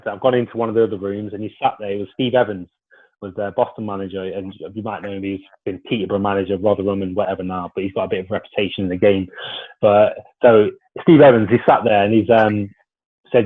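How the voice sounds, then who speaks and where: A man, a former footballer being interviewed, telling lively stories and acting out what others said to him. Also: on the low side, fast talker. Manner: lively anecdotal storyteller, acts out dialogue. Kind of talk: casual storytelling interview. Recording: tinny phone-like line.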